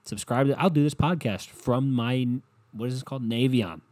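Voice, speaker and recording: A young man rambles through a crude comedy podcast, swearing freely and cracking himself up. His voice sits at an ordinary middle pitch. The sound is dry and close, with no room around it. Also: normal speed, a little mellow, no echo. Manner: profane, rambling, laughs at own jokes. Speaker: podcast host.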